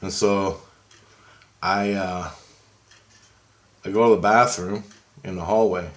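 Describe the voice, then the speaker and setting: A man with a fairly low voice rambles through a personal story about a dream he just had. He has only just woken and keeps clearing his throat. His delivery is halting and loose, full of restarts and filler words. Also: fairly even intonation. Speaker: video blogger recounting a dream.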